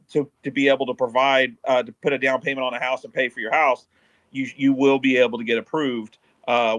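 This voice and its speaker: A man talking casually and haltingly, full of pauses and fillers. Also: mid-range voice, fairly bright tone, no room sound. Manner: hesitant, many fillers. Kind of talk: casual chat.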